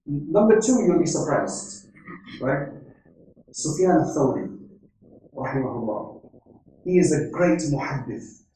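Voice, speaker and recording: In an Islamic religious lecture, a man tells stories, quotes Arabic, and keeps checking in with "right?". His mid-range voice is mellow and expressive, moving at a measured pace with frequent pauses. He is far from the mic in an echoey hall, with a little hiss or hum.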